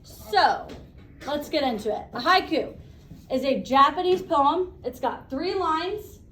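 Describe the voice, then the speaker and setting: A woman teacher leading a classroom lesson, brisk and encouraging, asking the class questions. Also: high voice, animated, fairly bright tone, echoey room, recorded from a distance, slight background noise, low-quality recording.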